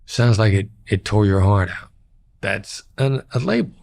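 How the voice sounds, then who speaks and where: Gravelly middle-aged guy on a podcast, low voice, blunt and repeats himself to make a point. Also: animated, a little slow, darkish tone. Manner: plain-spoken, repeats key phrases for emphasis. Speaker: guest, former hostage negotiator. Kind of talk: podcast interview.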